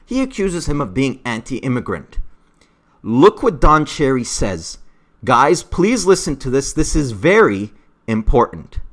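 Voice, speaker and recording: A man's voice: mid-range voice, big pitch swings, a little slow. A man giving an unscripted, emotional opinion rant about hockey, growing heated. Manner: heated, emotional, rising to shouting. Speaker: hockey commentary vlogger.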